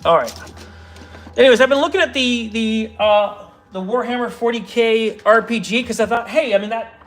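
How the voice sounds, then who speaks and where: A man's voice: very high voice, moderate pace, a bit bright. A man chatting casually on a livestream while building models, rambling and interrupting himself as he reads comments.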